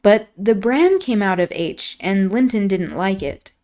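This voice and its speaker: A woman reading a classic novel aloud on a stream, breaking off for quieter, reflective asides. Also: medium pitch, lively intonation, a little slow.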